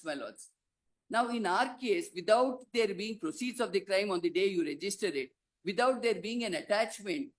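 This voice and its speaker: An advocate making a formal courtroom argument, pressing rhetorical questions and repeatedly addressing the bench as "my lords". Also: medium pitch.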